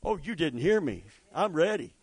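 A man preaching a sermon, swinging from quiet storytelling to loud rising exhortation with asides to the congregation. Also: a little high, sing-song, normal speed, husky, no echo. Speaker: pastor.

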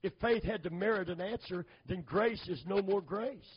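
Husky high-voiced preacher man. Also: moderate pace. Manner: call-and-response, asking for amens; builds to loud, fervent emphasis. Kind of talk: sermon. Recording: dull lo-fi sermon recording.

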